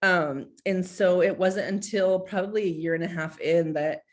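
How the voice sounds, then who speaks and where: A woman's voice: lowish voice, moderate pace. A woman in her forties, a school social worker, talking candidly and from the heart on a video call, with many filler likes. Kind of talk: casual video-call presentation.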